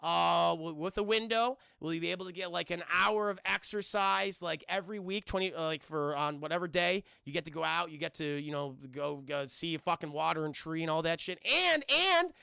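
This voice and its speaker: A man's voice: on the high side, brisk, creaky, hardly any pauses, sharp tone, clear, resonant tone, no room sound, studio quality. A man voicing an earnest young female FBI trainee in a loose, rambling retelling.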